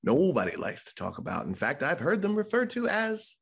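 Gravelly, husky man telling his story. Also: a little high, huge pitch swings, a little fast. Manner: candid and conversational, acts out quoted voices. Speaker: mental health speaker and author. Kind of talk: podcast interview, personal story.

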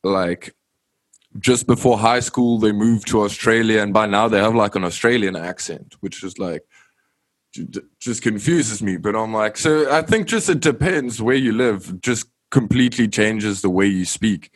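A man speaks in a fairly low voice. He rambles in a relaxed, conversational way, padding his talk with "like." The sound is dry and close. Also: moderate pace, no echo. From South Africa. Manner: loose, rambling, heavy on "like" fillers. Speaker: guest. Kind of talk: casual interview chat.

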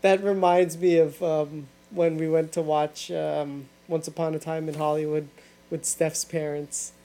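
Co-host, chatty and quick to laugh. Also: male voice, on the high side, level tone, mellow. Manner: giggly storytelling, breaks into laughter. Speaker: podcast co-host. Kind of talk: casual chat.

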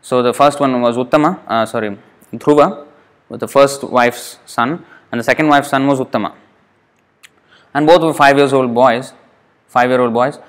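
A man's voice: medium pitch, normal speed, pauses often. Man retelling a devotional story, digressive. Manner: digressive, many fillers and self-corrections.

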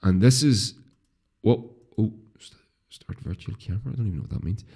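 A man's voice: fairly low pitch, expressive, fairly quick, vocal fry, dark tone, husky. A middle-aged man with a Northern Irish accent, hosting a casual solo podcast, rambling with restarts and swearing freely. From Northern Ireland. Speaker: podcast host.

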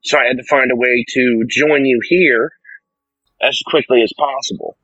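A man's voice: mid-range voice, steady tone, normal speed, pushed and bright, slightly rough, no echo, dull audio. A man playing a tabletop game, telling what his character did in a rambling, joking way, often correcting himself. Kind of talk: casual actual-play chat.

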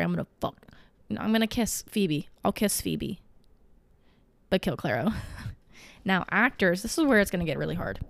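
A woman's voice: fairly low pitch, no room sound. A young woman vlogging in a casual, gushing way, rambling with fillers and self-corrections. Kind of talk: casual chat to camera.

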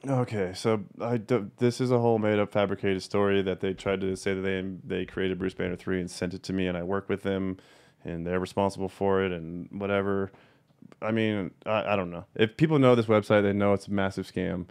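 A man's voice: low voice, fairly even intonation, brisk, vocal fry, darkish tone, smooth. A young adult man who breeds cannabis, giving a blunt, profane and heated rant in a casual video monologue, repeating his points for emphasis.

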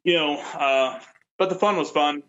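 A man's voice: a little high, a little slow, a bit bright, lo-fi sound. A man in his thirties on a video call, chatting casually and acting out quotes as he tells stories. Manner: rambling storyteller, acts out quotes. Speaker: guest.

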